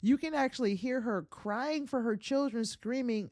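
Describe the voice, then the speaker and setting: A woman's voice: a little high, lively intonation, a little slow, few pauses, darkish tone, dry recording, studio quality. Profane, chatty woman podcast host. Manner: profane, chatty, laughs often at her own jokes. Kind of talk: comedic podcast monologue.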